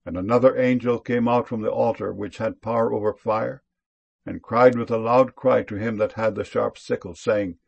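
A man reading King James scripture aloud in a solemn, measured way. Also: lowish voice, creaky, darkish tone, breathy edge.

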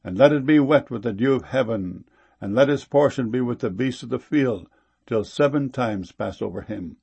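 A man giving a solemn scripture reading in a slow, measured way. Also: mid-range voice, gravelly, a little mellow, breathy edge. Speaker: scripture reader.

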